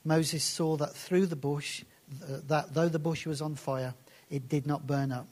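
A man preaching a sermon and reading scripture aloud, slowing down and dropping to soft, hushed phrases for emphasis. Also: fairly high pitch, fairly even intonation.

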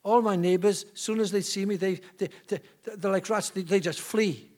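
Brief: despairing burly man, British, high voice, put on by a preacher. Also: steady tone, normal speed, darkish tone, close to an everyday voice. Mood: bitter.

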